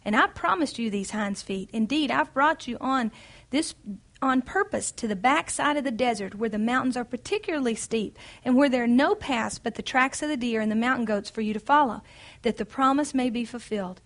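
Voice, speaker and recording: A woman's voice: on the high side, brisk, fairly bright tone. A woman voicing a kindly male shepherd who speaks cheerfully and reassuringly as she reads his lines from a book.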